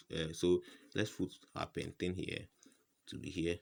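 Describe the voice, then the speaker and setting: A man's voice: deep voice, flat delivery, unhurried, creaky. A man tutoring chemistry in an informal lesson, firing rhetorical "what?" questions at the viewer and repeating each answer. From West Africa.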